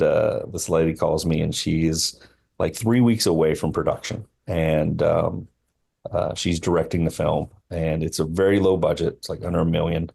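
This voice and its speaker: A man, a film line producer, telling a personal story as a podcast guest in an earnest, halting way with many fillers and restarts. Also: deep voice, creaky, darkish tone, husky.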